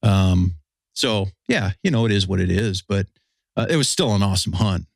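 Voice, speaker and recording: A man hosting a podcast, telling a hunting story in relaxed, casual chat. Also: sits low, normal speed, vocal fry, no echo, clean studio sound. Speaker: podcast host.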